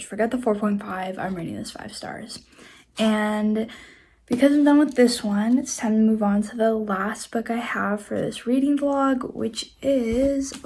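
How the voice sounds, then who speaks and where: A woman's voice: medium pitch, slight background noise. A woman recording a casual reading vlog on her phone, chatty and effusive, filling her talk with "like.". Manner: chatty, heavy use of "like" fillers; emotional and effusive about books. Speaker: book vlogger.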